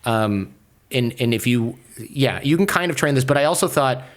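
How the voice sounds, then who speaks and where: A man being interviewed, telling a story in a lively, casual way and peppering his speech with "like". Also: medium pitch, normal speed. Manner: animated, acts out quoted voices, many filler "like"s. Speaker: podcaster guest.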